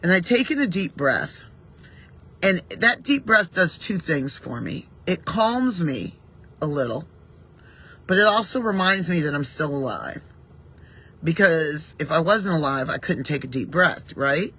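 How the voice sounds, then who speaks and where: A woman's voice: low voice, sing-song, measured pace, husky. A woman giving a casual, reflective morning pep talk to her viewers, speaking conversationally and mentioning her faith now and then. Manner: warm, reflective, conversational, with gentle faith references. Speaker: vlogger giving morning encouragement.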